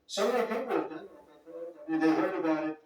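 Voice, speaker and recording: A man's voice: a little high, lively intonation, brisk, a little mellow. A man giving a rambling, off-the-cuff speech as a political leader at a summit, full of digressions and superlatives. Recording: very echoey hall, distant mic, faint music.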